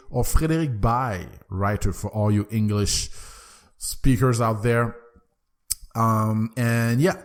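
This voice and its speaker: A young man hosts his own book podcast, talking. His delivery is eager and animated, and he often stumbles and restarts his words. His voice sits at an ordinary middle pitch. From Quebec, Canada. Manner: enthusiastic, repeats and restarts words. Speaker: podcast host. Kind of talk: solo book podcast monologue.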